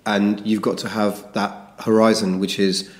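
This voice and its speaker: A man who is a chef, talking as a podcast guest in a relaxed, measured way. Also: on the low side. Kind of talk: casual podcast interview.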